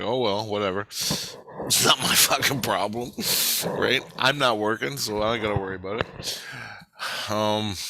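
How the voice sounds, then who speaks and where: A man's voice: mid-range voice, sharp tone, dry recording. Blunt, profane man telling a story. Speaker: vlogger recounting a dream. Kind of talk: casual rambling storytelling.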